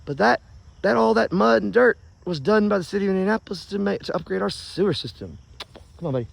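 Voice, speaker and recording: A man's voice: high voice, lively intonation, quick pace, creaky, dry recording. A man ranting angrily and profanely into his phone camera while outdoors in his yard, stoned and rambling. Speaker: vlogger.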